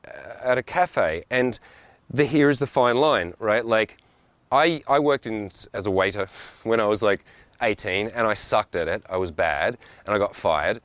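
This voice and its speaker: A man with a lowish voice, delivering a blunt, profane monologue that wanders into asides. He talks casually and directly. The sound is dry and close. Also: moderate pace, a bit bright, dry recording.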